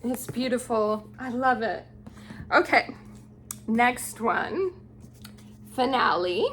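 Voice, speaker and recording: A woman vlogger showing off a book haul, gushing and unhurried as she admires each book aloud. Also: fairly high pitch, fairly bright tone, a little hiss or hum. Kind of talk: casual book haul show-and-tell.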